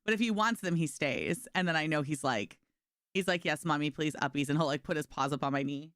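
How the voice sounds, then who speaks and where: A woman's voice: low-pitched, a little fast, a bit bright, dry recording, clean studio sound. A young woman streamer chatting casually and bubbly with her viewers while she plays a game. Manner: bubbly, talks to chat and her dog, lots of "like". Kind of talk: casual live-stream chat.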